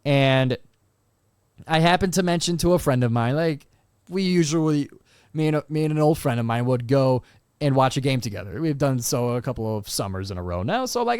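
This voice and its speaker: A young man hosting a solo sports podcast, recapping games and then ranting in an animated, exasperated way. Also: fairly high pitch, moderate pace, clear, resonant tone, no echo, clean studio sound. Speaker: podcast host.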